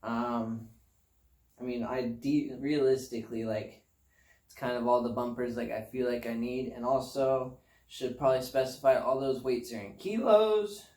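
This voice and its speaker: A man's voice: mid-range voice, little pitch movement, moderate pace, a little mellow, distant mic. A man rambling casually and self-deprecatingly about his apartment home gym. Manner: laid-back, meandering, self-deprecating. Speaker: fitness vlogger. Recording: roomy sound, voice off-mic.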